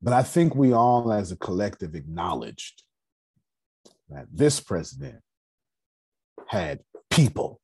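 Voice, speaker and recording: A man with a rough, raspy voice hosts a relaxed group discussion. His voice sits low, and he speaks in a measured, emphatic cadence, leaning into each point. The tone stays steady and deliberate. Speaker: host.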